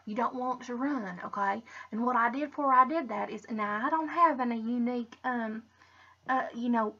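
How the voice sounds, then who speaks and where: Rambling, bright-voiced woman vlogger. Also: on the high side, slightly rough. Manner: rambling, restarts with "but anyways"; drifts into muttered asides to herself. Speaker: makeup vlogger. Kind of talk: casual makeup tutorial. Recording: dull lo-fi recording.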